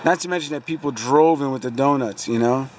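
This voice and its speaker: Medium in pitch and brisk, with a little hiss or hum on the audio, this car vlogger airs his frustration from a parked car. He rambles at length about a dealership mix-up, sounding aggrieved and falling back on fillers like "so anyway."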